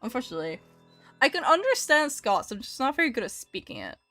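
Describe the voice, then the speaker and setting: A woman's voice: sits high, very animated, fast talker, bright, forceful tone, no room sound, faint music behind. A woman streaming while she draws, chatting casually, answering her chat and laughing often.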